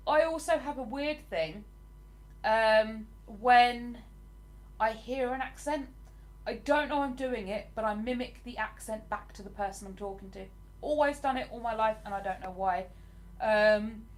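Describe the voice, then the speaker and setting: A woman's voice: on the high side, a little slow. Chatty woman on a live stream. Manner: chatty and rambling, with frequent ums. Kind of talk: casual live-stream chat reading viewer comments. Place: at home in a living room.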